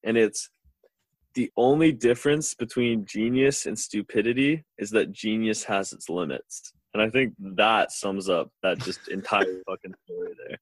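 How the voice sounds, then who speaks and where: A man's voice: lowish voice, normal speed, no room sound. A man co-hosting a casual podcast, making blunt, profane wisecracks in an offhand way.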